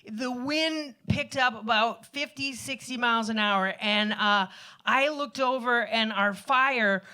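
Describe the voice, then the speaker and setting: A woman's voice: on the high side, takes it slowly, bright, forceful tone, clean tone. A woman telling a rambling, self-deprecating comic story on stage at a live show. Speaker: storyteller performer.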